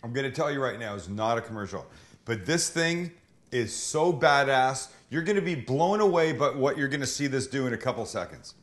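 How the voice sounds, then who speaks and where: A man's voice: mid-range voice, expressive, fairly quick, slight background noise. A man hosting a casual cooking livestream from a kitchen, joking with his crew and swearing loosely. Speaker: cooking show host.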